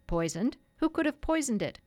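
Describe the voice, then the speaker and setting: A woman's voice: on the high side, very animated, normal speed, a little mellow, no room sound, studio quality, pitched above the performer's own voice. A woman voicing a bold, cocky boy hero in a storybook reading. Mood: urgent.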